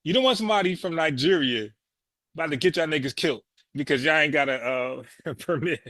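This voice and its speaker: A man reacts to a protest video with blunt, scornful, mocking commentary, laughing often. His voice is a little high and a bit bright, and he talks briskly. The recording is dry.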